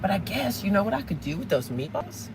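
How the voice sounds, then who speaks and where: A woman's voice: mid-range voice, big pitch swings, a little fast. Chatty woman talking while driving. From Southern United States. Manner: rambling, chatty, asks viewers questions. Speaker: live-streaming vlogger. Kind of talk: casual chat while driving. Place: inside a car in traffic. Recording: clear car road noise behind.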